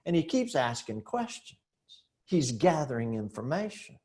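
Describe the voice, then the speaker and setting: A middle-aged man training real estate agents in a seminar, telling lively stories, acting out dialogue and putting rhetorical questions to the audience. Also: medium pitch, a little slow. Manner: animated storyteller who acts out dialogue and asks rhetorical questions.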